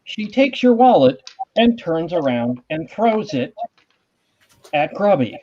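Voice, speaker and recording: Husky guy running a tabletop game, dry jokes, kinda high voice, muffled lo-fi sound. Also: very animated, takes it slowly, mellow. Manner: wry, playful narration. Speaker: game master. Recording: dull lo-fi audio.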